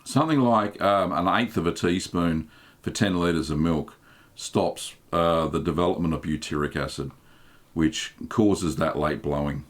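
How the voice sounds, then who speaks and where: An Australian man hosting a live stream, reading viewer chat aloud and answering questions in a relaxed, chatty way with many ums. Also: deep voice, a little slow. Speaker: host.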